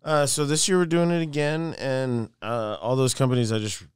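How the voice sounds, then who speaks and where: Smooth-voiced American man telling stories. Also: mid-range voice, moderate pace, no echo, studio quality. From United States. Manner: animated storyteller. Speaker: guest artist. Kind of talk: casual podcast chat.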